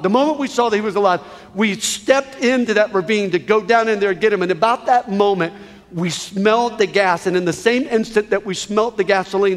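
A man preaching a sermon, telling a story with rising emotion, his voice swelling from hushed to almost shouting. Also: high voice. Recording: long hall reverb.

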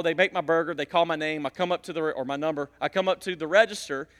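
A man preaching a sermon as pastor, telling stories with animated swings between loud emphasis and quiet asides. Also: a little high. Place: church sanctuary. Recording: long reverb of a church hall.

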